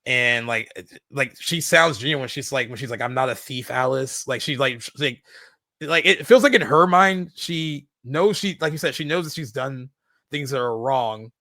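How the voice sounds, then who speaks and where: A man's voice: medium pitch, moderate pace, pushed and bright, no echo. A man co-hosting a podcast, chatting casually and keenly about a film, with lots of filler words and restarts. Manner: enthusiastic, many "like" fillers and restarts. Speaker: podcast co-host.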